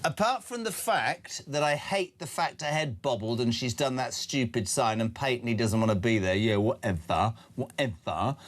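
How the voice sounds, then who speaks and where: Animated radio host, teasing. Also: male voice, mid-range voice, moderate pace, hardly any pauses. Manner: jokey, teasing, animated delivery. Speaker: radio breakfast show host. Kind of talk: lively talk radio chat.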